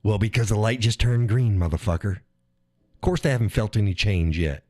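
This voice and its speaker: A fairly low-pitched man speaks briskly in a dry, studio-quality recording. Hosting his own live stream, he rants casually about politics, profane and animated, voicing the lines of frustrated drivers.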